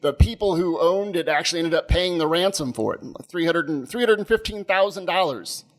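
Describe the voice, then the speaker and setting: Male co-host, 30s, higher-pitched, rambling and laugh-prone storyteller. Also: a little fast. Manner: animated, rambling, laughs often. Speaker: podcast co-host. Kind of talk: casual storytelling chat.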